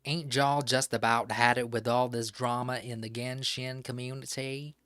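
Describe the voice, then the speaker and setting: Man doing a put-on Southern drawl, folksy old grumbler who's had it up to here, slow and exaggerated, in a dry, close room. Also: mid-range voice, little pitch movement, a bit bright, clear, resonant tone, no echo, close to an everyday voice. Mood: exasperated. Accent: put-on American Southern.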